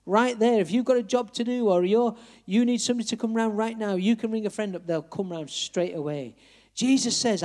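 An earnest male preacher delivers an evangelistic sermon. His voice sits high for a man, and he keeps turning to speak directly to each listener. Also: a little mellow.

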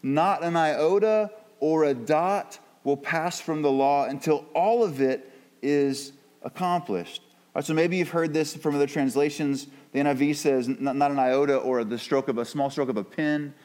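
A man's voice: fairly high pitch, moderate pace, darkish tone. A male pastor preaching a sermon in a conversational, emphatic way, repeating words for stress. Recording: long hall reverb.

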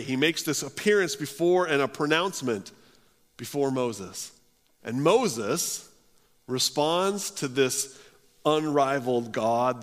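A man's voice: medium pitch, a bit bright. A male pastor preaching a sermon in earnest, often restarting his phrases. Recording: long hall reverb.

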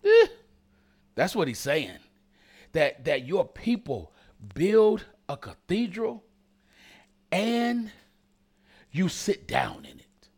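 A man delivers a sermon as pastor, his voice sitting slightly high and ranging widely in pitch. He builds to fervent peaks and keeps checking in with the congregation through call-and-response asides. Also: huge pitch swings, slow pace, pauses often, darkish tone, breathy edge. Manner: preaching with rising intensity and call-and-response asides.

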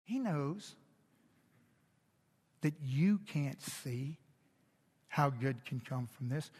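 A middle-aged man preaching a sermon as pastor, animated and conversational, swinging from loud to hushed. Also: medium pitch, drawn-out words, husky. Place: large church hall. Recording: long hall reverb.

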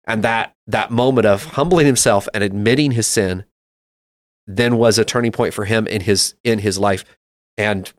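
Brief: man in his thirties, low voice, dry close mic, reflective storytelling tone for a faith chat. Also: no echo. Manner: reflective storytelling, with frequent restarts. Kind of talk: casual conversation about faith.

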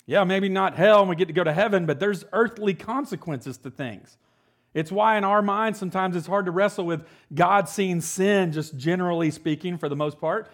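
A man's voice: sits high, normal speed. A man in his forties giving a casual, joking sermon as pastor, often checking in with the congregation. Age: 40s. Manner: conversational, joking, asks "right?" often.

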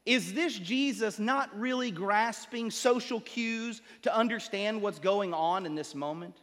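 A male pastor preaching a sermon. He builds up with rising emphasis, then drops low and slow to drive a point home. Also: fairly bright tone. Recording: long reverb of a large hall.

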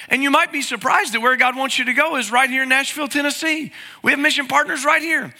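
Bright-voiced pastor preaching in hall. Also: male voice, very high-pitched, expressive, fairly quick. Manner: earnest, pleading preaching. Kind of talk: sermon. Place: large church sanctuary. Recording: reverberant sanctuary sound.

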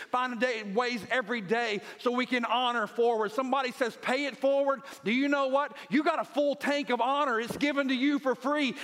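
A man with a strikingly high voice preaches a Sunday sermon. He tells scripture stories vividly and drives each point home by repeating short phrases. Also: a bit bright. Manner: retells scripture as vivid storytelling. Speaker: pastor.

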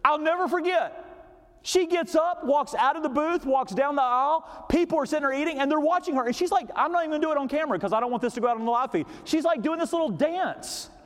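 A middle-aged man preaching a sermon as a story, swinging from hushed, low passages to loud, excited ones. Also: fast. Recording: long reverb of a large hall.

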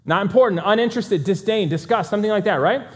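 A man giving a talk to a live audience, energetic and fast-talking, with self-deprecating humor. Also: high voice. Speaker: speaker.

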